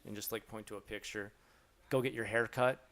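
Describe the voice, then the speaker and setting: A man's voice: fairly low pitch, steady tone, fairly quick, fairly bright tone. A man from Florida in his thirties or forties, hosting a casual live Q&A, rambling and swearing freely as he tells stories. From Florida, USA. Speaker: live stream host answering questions.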